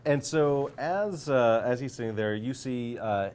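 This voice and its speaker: A man narrating a tabletop game as game master, animated with many fillers. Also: mid-range voice, unhurried, slight background noise.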